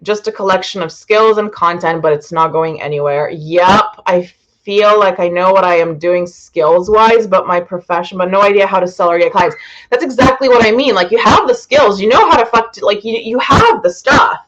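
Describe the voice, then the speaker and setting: A woman's voice: medium pitch, moderate pace, highs cut off. A woman business coach talking bluntly to a live audience, swearing freely and rambling. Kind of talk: live-streamed masterclass.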